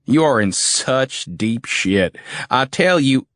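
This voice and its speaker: A man's voice: medium pitch, lively intonation, slow pace, fairly bright tone, dry recording, clean studio sound, pitched above the performer's own voice. A man doing a sneering redneck veteran. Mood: defiant. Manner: drawling, foul-mouthed, taunting. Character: crude cocky male army veteran thug, sneering. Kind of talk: audiobook character voice.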